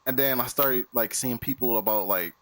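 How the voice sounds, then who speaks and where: A man's voice: medium pitch, normal speed, dry recording. A man chatting casually as a guest on a stream, laid-back, trailing off and repeating himself. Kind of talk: casual chat.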